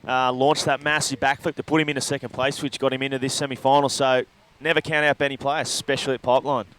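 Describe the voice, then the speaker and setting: A man's voice: medium pitch, flat delivery, quick pace, fairly bright tone, a little hiss or hum. A man giving loose, rambling live commentary on a surf contest, breaking down each ride. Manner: loose, rambling analysis with fillers.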